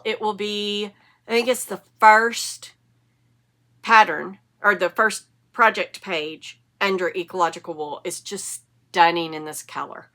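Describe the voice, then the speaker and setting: Bright-voiced chatty woman in her fifties. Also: mid-range voice. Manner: chatty, rambling, self-correcting. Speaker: knitting podcast host. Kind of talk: casual chat to camera.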